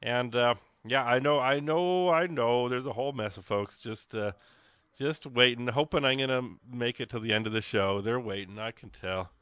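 Radio guy doing a fund drive, rambly and excitable, dry close studio mic. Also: medium pitch, moderate pace, clear, resonant tone, dry recording. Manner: chatty, rambling, exclamatory with frequent fillers. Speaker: radio host.

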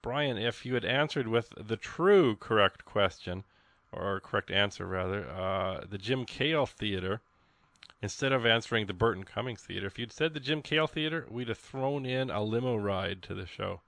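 A man's voice: fairly low pitch, moderate pace, gravelly, fairly bright tone, dry recording, studio quality. A man hosting a radio show, chatting casually in a rambling, folksy way with plenty of ums and uhs. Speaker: radio host. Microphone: studio microphone.

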